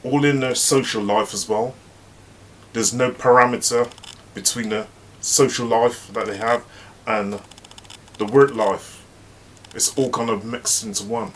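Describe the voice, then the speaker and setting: A man's voice: mid-range voice, steady tone, measured pace, long pauses, slight background noise. A man hosting his own channel, telling a story in a chatty, anecdotal way with emphatic asides. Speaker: host. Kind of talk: casual storytelling monologue.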